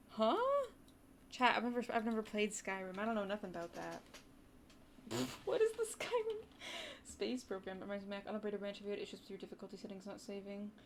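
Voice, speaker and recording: A woman's voice: mid-range voice, a little hiss or hum. A woman streamer giving casual running commentary on a game. She talks to her chat and sometimes drops into short whispered asides. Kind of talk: casual gaming livestream commentary. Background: faint keyboard typing.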